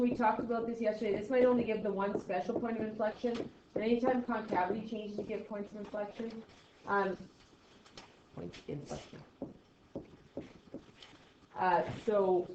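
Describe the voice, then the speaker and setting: A woman's voice: on the high side, fairly even intonation, a little fast, highs cut off, noisy background. A woman teaching a math lesson in a casual, encouraging way, often asking questions and answering them herself. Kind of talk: classroom lecture.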